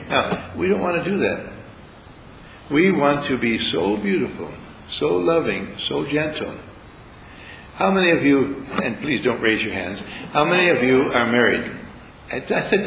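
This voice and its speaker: A man's voice: mid-range voice, lively intonation, normal speed, gravelly, a bit bright, roomy sound, a little hiss or hum, poor audio. A man leading a spiritual retreat, talking live to a room audience in a playful, teasing way. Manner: playful, teasing, acts out little scenes with voices.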